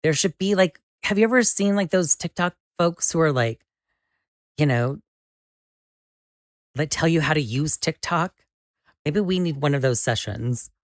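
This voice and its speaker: A woman hosting a live stream, chatting casually and excitably with viewers as she builds, often exclaiming and laughing. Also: sits low, a little slow, long pauses, no echo, studio quality. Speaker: livestream host.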